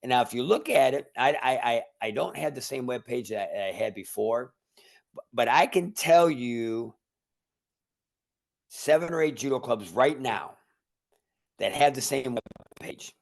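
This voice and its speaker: Casting note: gravelly man at middle pitch, a judo instructor, rambling and repetitive, chatting casually on a podcast. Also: lively intonation, measured pace, pauses often. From Cleveland, Ohio area. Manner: rambling, repeats words, acts out conversations. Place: remote call.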